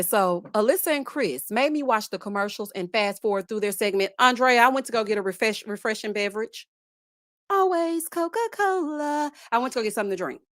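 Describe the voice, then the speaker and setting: A young woman with a Southern twang hosting a casual live chat, reading viewer comments in a lively, sassy way and calling her audience honey and child. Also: fairly high pitch, dry recording, clean studio sound. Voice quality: lively, sassy, laughs loudly. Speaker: host.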